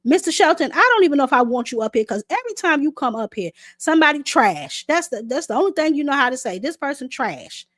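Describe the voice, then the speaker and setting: Woman host, high voice, hoarse from talking, sassy and blunt, dry close sound. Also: animated, fast talker, hardly any pauses, a bit bright, no echo. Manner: blunt, sassy, talks back to chat. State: sore throat, voice going. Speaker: boxing show host. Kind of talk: live-stream commentary.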